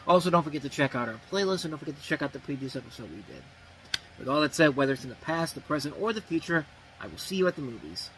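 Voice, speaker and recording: A man's voice: on the high side, expressive, fast, heavy background noise. A man hosting a movie review show, talking casually and rambling, with frequent restarts and self-corrections.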